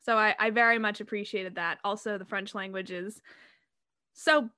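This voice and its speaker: Lively young woman, close and dry. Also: medium pitch, normal speed, no echo. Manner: animated, laughing, acts out her own reactions. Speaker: podcast co-host. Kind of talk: casual chat.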